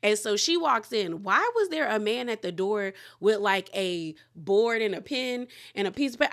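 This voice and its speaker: A woman hosting a podcast, recapping a reality show episode in a casual, rambling way that is full of "like" and candid asides. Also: mid-range voice. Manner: chatty, rambling, heavy use of "like"; candid and animated with quick asides.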